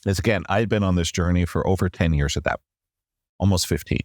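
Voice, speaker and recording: A middle-aged man in a podcast interview, telling a long personal story with lively acted-out quotes and a habit of saying "long story short". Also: sits low, brisk, no echo, clean studio sound. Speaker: podcast guest.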